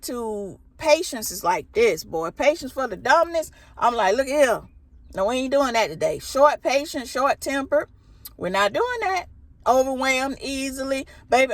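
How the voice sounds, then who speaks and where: A woman's voice: medium pitch, dry recording. A woman, chatting casually and emphatically to her viewers. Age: 40s. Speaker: vlogger. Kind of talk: casual direct-to-camera talk.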